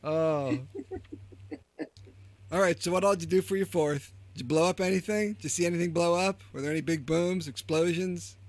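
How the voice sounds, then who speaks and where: A man's voice: on the high side, moderate pace, darkish tone, no echo. A man co-hosting a podcast, rambling and joking in casual chat. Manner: rambling, joking, restarts sentences. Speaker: podcast co-host.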